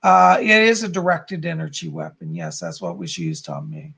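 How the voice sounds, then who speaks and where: A man hosting a casual live stream, hoarse and clearing his throat, rambling with many fillers while reading out chat comments. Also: fairly high pitch, wildly swooping pitch, moderate pace, pushed and bright. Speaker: live stream host, psychic.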